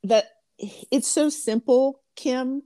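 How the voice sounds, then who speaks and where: A woman hosting a podcast interview, chatty and quick to laugh, sharing personal examples. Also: high voice, mellow, no room sound, studio quality. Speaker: podcast host.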